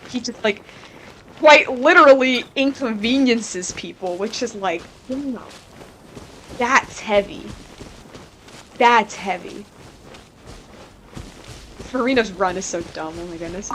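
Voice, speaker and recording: This woman, a streamer, talks loosely about a game with a fairly high pitch and fairly bright tone, rambling candidly and leaning on "like" fillers throughout.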